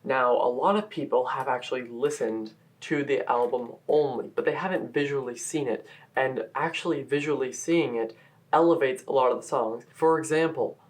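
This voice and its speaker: Man, enthusiastic fan-reviewer, talking straight to camera on an on-camera mic. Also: medium pitch. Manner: eager, gushing fan talk. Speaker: musical reviewer. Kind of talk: enthusiastic solo video review. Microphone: camera-mounted shotgun mic.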